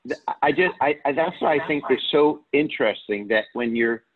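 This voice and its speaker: A man's voice: medium pitch, animated, normal speed, crowd noise. A man hosting a faith talk, rambling and hesitant, restarting his sentences often. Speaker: host. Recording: husky voice over a phone line.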